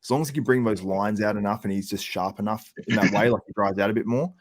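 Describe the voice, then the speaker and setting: Low-voiced man hosting a casual chat. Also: quick pace, no echo. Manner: laid-back, lots of ums, laughs often. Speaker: podcast host.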